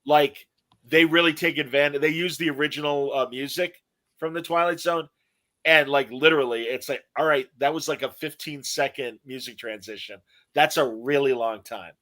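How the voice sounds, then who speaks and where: Bright-voiced chatty man. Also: on the high side, moderate pace. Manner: chatty, reads out listener comments. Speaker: podcast host. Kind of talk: casual chat.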